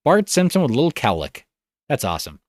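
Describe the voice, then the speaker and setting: A man's voice: medium pitch, wildly swooping pitch, quick pace, no echo, clean studio sound. A man hosting a livestream, reading comments in a loose, rambling way with a tired voice. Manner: rambling, loose, self-interrupting. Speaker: livestream host.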